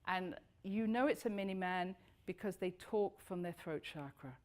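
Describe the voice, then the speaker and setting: A middle-aged woman giving a lively talk to an audience, swooping high for emphasis and dropping low and soft. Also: normal speed.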